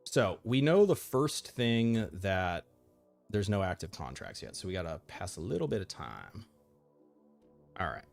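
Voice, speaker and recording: A man's voice: low-pitched, big pitch swings, unhurried, vocal fry, a little mellow, soft background music. Chatty American man streaming a game. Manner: rambling, laughs often, restarts. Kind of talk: casual game commentary.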